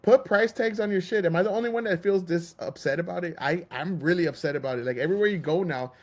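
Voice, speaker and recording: A high-pitched, fast-talking man from Texas rants on his podcast in a heated, profane, casual way, doing impressions of store clerks' lines.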